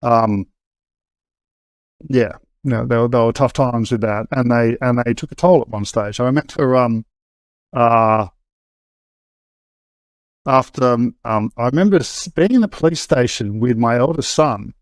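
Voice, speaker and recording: A man's voice: medium pitch, unhurried, long pauses, dry recording. A middle-aged Australian man, a guest in an interview, telling a personal story candidly and conversationally, restarting often. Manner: conversational, with frequent restarts and fillers.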